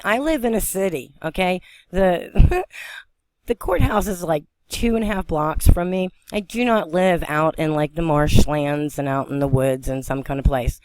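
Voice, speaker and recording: A woman from western Pennsylvania vlogging on a phone, excitable and rambling as she talks, often breaking into laughter. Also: fairly low pitch, dry recording. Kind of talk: excited spiritual vlog narration.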